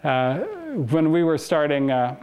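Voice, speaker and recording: A man in his forties addresses a university audience with a fairly high voice. His talk is casual and conversational, with anecdotes, and he laughs between stories. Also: steady tone, unhurried, darkish tone. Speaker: guest speaker. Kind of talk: conference talk with slides. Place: lecture hall.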